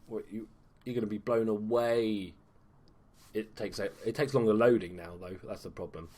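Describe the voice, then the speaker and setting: A man's voice: fairly low pitch, fairly even intonation, normal speed, dark tone. Chatty man narrating gameplay. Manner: chatty, swears casually, dry asides. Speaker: gaming YouTuber. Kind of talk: casual gameplay commentary. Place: at home.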